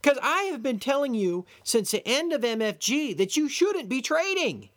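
A man's voice: very high-pitched, very animated, moderate pace, fairly bright tone. A man hosting a solo podcast, delivering an exasperated, sarcastic lecture to his listeners. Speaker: podcast host. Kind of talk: solo commentary monologue.

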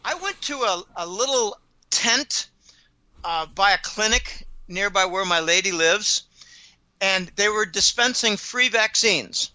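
A man's voice: high-pitched, slow pace, pushed and bright, clear, resonant tone, no echo, highs cut off. A man telling stories in an indignant, rambling monologue, often stumbling and repeating words. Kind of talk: casual ranting monologue.

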